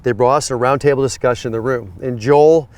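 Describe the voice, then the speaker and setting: A man who fits and teaches golf clubs, telling a story in a lively, emphatic way. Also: mid-range voice, brisk. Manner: animated, rising to emphatic when excited. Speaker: golf club fitter and instructor. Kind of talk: conversational storytelling.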